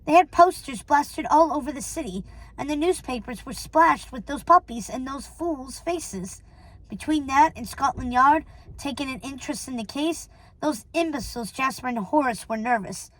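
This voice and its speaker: High-voiced woman reading a novel aloud. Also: moderate pace, low-quality recording. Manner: steady, with small stumbles and self-corrections. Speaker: reader.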